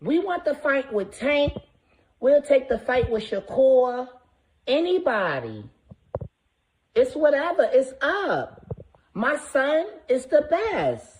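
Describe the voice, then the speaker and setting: A man's voice: very high voice, big pitch swings, slow, a little hiss or hum, full character voice, low-quality recording. A man imitating a boastful father and trainer of a boxer, speaking with a drawling, insistent brag.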